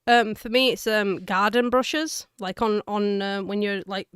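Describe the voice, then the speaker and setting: A woman's voice: mid-range voice, fairly even intonation, a little slow, a bit bright, clean tone, no echo, clean studio sound. A woman chatting casually on a livestream, hesitant and giggly with many fillers. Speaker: co-host.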